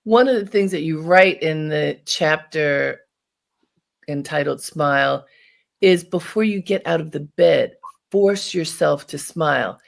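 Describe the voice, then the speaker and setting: A woman's voice: sits low, a little slow, gravelly. A woman hosting a radio interview, telling a personal story in a reflective, heartfelt way. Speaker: host.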